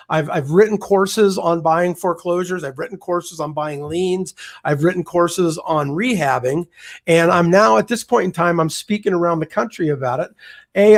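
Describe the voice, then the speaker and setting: Male podcast guest, high-pitched, lively and candid, recounting his career. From United States. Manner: energetic, candid storyteller. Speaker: podcast guest, real estate investor. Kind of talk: casual storytelling interview.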